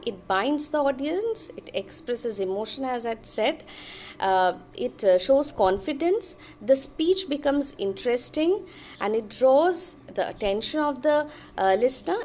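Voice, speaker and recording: A woman lecturer from India with an Indian English accent, explaining slowly and deliberately, with fillers and self-corrections. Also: sits high, a little mellow, a little hiss or hum. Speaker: college lecturer. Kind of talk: recorded lecture.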